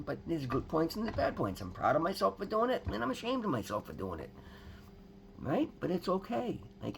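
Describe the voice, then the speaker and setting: Man, gravelly voice, lively swinging pitch, rambling earnest testimony, talks to viewers. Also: a little hiss or hum. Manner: addresses viewers as guys. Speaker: recovery vlogger.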